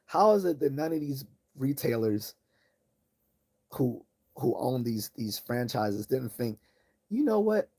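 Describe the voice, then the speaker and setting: A man hosting a livestream, talking in a calm, low-key voice in a rambling, casual monologue full of restarts and tangents. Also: husky. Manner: tangent-prone, many restarts and repeated words. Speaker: livestream host.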